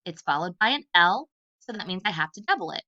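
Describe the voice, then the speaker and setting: A woman teaching early readers, her voice bright and slightly lower than most. She talks in a clear, deliberate way and sounds out each letter slowly. The recording is dull and lo-fi. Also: lively intonation. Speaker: literacy specialist. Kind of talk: early-grade phonics lesson.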